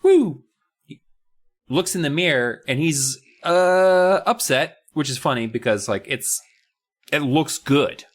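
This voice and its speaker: A man's voice: a little high, unhurried. A man co-hosting a podcast, casually recapping a spooky book in a chatty, joking, swearing way. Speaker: podcast co-host.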